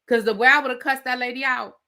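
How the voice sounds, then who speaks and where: Woman, reality TV reviewer, animated, sassy, emphatic, high bright voice. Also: fast talker. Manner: animated, sassy, emphatic, addresses viewers directly. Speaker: TV show reviewer. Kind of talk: casual recap commentary.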